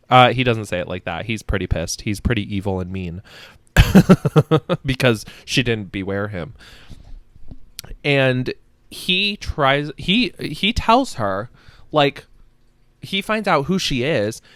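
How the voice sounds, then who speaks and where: A man's voice: medium pitch, lively intonation, measured pace, a bit bright, no echo. A man hosting a podcast, reviewing a book in casual chat, profane and sassy, rambling with many fillers and laughs. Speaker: podcast host.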